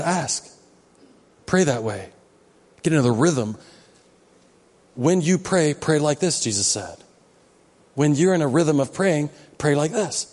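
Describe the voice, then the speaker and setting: A man's voice: fairly high pitch, darkish tone, big-room sound. A man preaching a sermon as pastor, with a conversational, joking manner that rises into emphatic exhortation. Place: church sanctuary.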